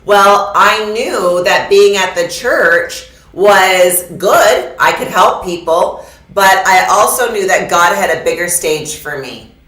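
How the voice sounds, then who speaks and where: A woman's voice: mid-range voice, slow pace, a bit bright, echoey room, poor audio. A middle-aged woman coach giving a live online masterclass in an emphatic, preacher-like style, talking straight to her audience. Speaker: business coach. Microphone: video call.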